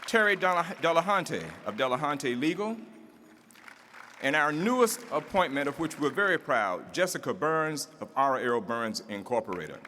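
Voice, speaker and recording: A man's voice: fairly high pitch, big pitch swings, moderate pace, sharp tone, a little hiss or hum. Man emceeing in a reverberant hall. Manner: rousing oratorical build-up, rhythmic repetition. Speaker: master of ceremonies at a civic address. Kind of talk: formal ceremonial introductions. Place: large event hall with audience. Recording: reverberant hall, faint room ambience.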